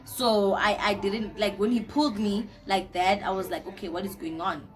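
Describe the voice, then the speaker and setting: A young woman, telling a personal story to camera in a casual, animated way, often repeating herself. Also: medium pitch, moderate pace, soft background music. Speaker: storytime vlogger.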